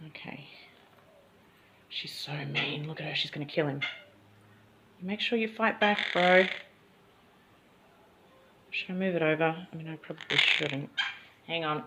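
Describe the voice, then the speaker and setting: A woman's voice: deep voice, measured pace, long pauses. A woman filming a casual home vlog, chatting and cooing baby talk to her pet birds. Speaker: pet bird owner vlogger. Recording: loud background noise, clicks.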